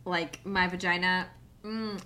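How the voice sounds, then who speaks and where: A woman's voice: lowish voice, steady tone, slow pace, pushed and bright. A woman and mother co-hosting a podcast, blunt and emphatic in casual chat. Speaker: podcast co-host.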